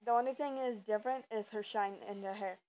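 A woman's voice: mid-range voice, steady tone, fast. A woman giving casual, rambling commentary while playing a game, stumbling over her words with lots of ums. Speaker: gamer. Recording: muffled lo-fi, faint game music.

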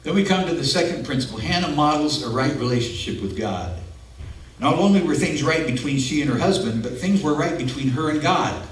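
A man's voice: fairly high pitch, animated, fairly quick. A man preaching a sermon as pastor, in an earnest, conversational way with personal asides, in a church. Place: church sanctuary. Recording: echoey room, mic at a distance.

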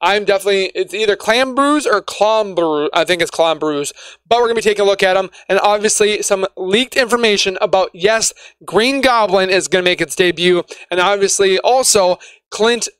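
A man's voice: sits high, a little fast, a bit bright, clear, resonant tone, no echo. A man hosting his own gaming video, talking casually and rambling a little as he trips over words. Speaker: gaming YouTuber. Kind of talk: casual gaming news vlog.

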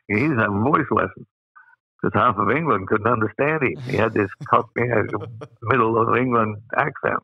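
Heard through narrow, tinny audio without echo, the speaker is an older Australian man with a lowish, gravelly, slightly rough voice. As an interview guest he tells meandering stories, laughing often and leaning heavily on "uh."

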